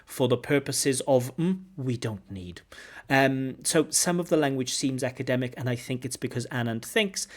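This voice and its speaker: A man's voice: medium pitch, normal speed. A man working as a language examiner, explaining feedback on a speaking test and modelling better answers. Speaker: IELTS examiner and teacher. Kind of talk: spoken test feedback commentary. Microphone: video call.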